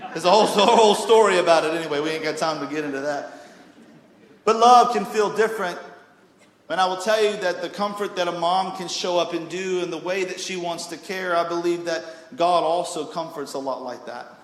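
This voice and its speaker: A young man preaching a sermon as pastor, telling stories in an animated, joking way and acting out voices, sometimes rising to near shouts. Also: sits high, a little fast. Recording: echoey hall with long reverb.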